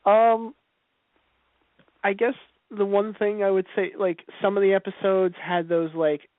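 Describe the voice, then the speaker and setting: Joking podcast cohost guy, high voice, dry narrow sound. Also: level tone, unhurried, no room sound. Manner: wry, joking, laughs often. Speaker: podcast co-host. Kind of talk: casual chat. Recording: phone-like lo-fi audio.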